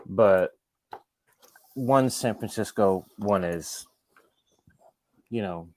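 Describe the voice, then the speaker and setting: Low-voiced man telling loose stories. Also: extremely slow, darkish tone. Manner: loose, rambling, leans on "like" and "you know". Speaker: skateshop owner, interview guest. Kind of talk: casual storytelling in a sit-down interview.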